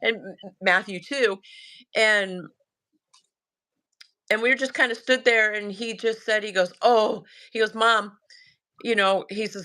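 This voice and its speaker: Speaking at a measured pace with frequent pauses, this medium-pitched woman has a Southern US accent. As a guest she relates a sighting story casually, quoting herself and her son with lively animation and plenty of laughter.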